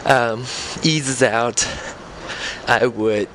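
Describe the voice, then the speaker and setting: A podcast host talks casually while walking outdoors on a street and later in a car, out of breath, rambling and correcting himself. His mid-range, fairly bright voice moves extremely slowly, picked up by a microphone attached to a portable music player with slight background noise.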